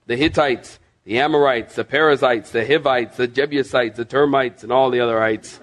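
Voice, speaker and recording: A male pastor preaches a sermon in a mid-range, steady, slightly bright voice at normal speed, with hardly any pauses. He repeats key phrases and calls on the congregation to respond and mark their bibles.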